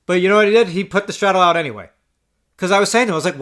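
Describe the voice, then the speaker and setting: Ranting profane man, somewhat high voice. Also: rapid-fire, fairly bright tone. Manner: profane and exasperated, stammering restarts. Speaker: poker player vlogger. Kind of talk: ranting storytelling.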